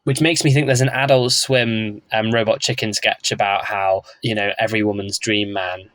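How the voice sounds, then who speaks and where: A man's voice: lowish voice, fairly even intonation, normal speed, a bit bright, no room sound, low-quality recording. Dry-sounding chatty male podcast host. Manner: chatty, wry asides. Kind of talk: casual chat.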